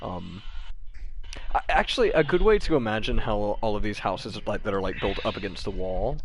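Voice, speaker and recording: A man's voice: on the low side, expressive, moderate pace, slight background noise, poor audio. A man narrating as game master in a tabletop role-playing session, rambling with many fillers and restarts.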